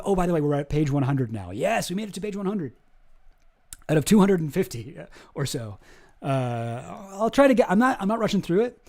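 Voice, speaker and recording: Young guy streaming, lively swooping voice, kinda high but mellow, swears a lot when he gets heated. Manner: animated, gets worked up, swears. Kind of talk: casual live-stream commentary.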